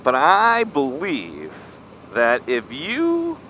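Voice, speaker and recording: A man's voice: on the high side, wildly swooping pitch, extremely slow, sharp tone. A middle-aged man talks to his helmet mic while riding through town. His voice swoops far up and down as he rambles and pokes fun at himself. Faint traffic hum sits behind him. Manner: chatty, self-mocking, wanders off topic. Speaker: motorcycle vlogger. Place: outdoors on a motorcycle in traffic. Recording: faint road and traffic noise.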